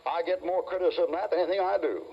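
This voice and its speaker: An older man preaching a fiery, mocking sermon to a congregation, yelling and growling as he goes. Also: high voice, racing, vocal fry. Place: church before a congregation. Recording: muffled old tape with hiss.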